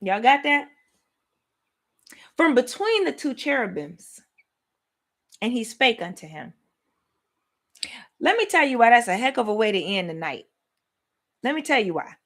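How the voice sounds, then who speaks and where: A woman hosting a livestream Bible study, teaching in an excited, casual way and talking straight to her viewers. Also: a little high, unhurried, pauses often. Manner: animated, laughing, talks to viewers as y'all.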